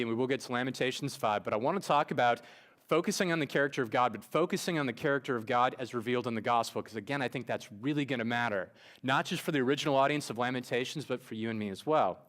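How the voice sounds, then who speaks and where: A man's voice: mid-range voice, fairly bright tone. A pastor in his thirties preaching a sermon in a church, talking loosely and conversationally with frequent restarts and filler words. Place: church sanctuary.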